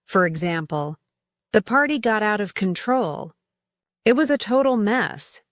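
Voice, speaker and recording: A woman gives a scripted English lesson at an unhurried pace. She talks in a dry, close-sounding room. Her voice jumps up brightly whenever she acts out an example phrase. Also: medium pitch, expressive, no room sound. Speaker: English teacher.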